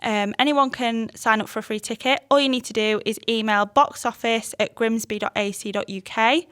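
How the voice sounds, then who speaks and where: A woman's voice: a little high, steady tone, moderate pace, a bit bright, clean tone, no echo. An English woman guest on a podcast, upbeat and chatty, promoting a college show and laughing easily. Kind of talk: casual chat.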